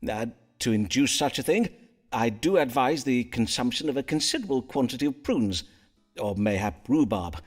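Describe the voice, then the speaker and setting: An actor playing a florid Elizabethan doctor-astrologer. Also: male voice, medium pitch, expressive, faint music behind, close to an everyday voice. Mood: grave. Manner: archaic, florid phrasing with theatrical pauses. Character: Elizabethan male astrologer-physician, pompous and theatrical. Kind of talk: voiced game dialogue in Elizabethan English.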